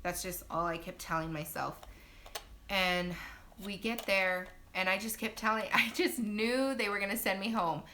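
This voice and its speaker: Bright-voiced young mom telling a story. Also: female voice, steady tone, normal speed. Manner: chatty, talks to viewers directly. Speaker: new mother sharing her birth story. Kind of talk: casual storytelling on a livestream. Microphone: phone livestream. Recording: low-quality livestream audio with faint noise.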